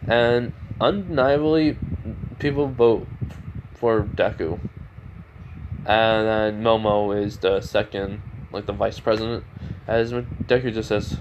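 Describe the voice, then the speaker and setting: A man's voice: lowish voice, fairly even intonation, measured pace, pauses often, noisy background. A man casually retelling a fan story, rambling with lots of fillers.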